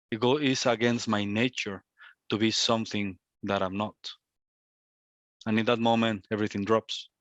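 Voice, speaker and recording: A man's voice: fairly low pitch, fairly even intonation, a little slow, pauses often, fairly bright tone, no echo. A man giving a reflective satsang talk as a spiritual teacher, repeating and circling back on his phrases. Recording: dull, lo-fi, dry.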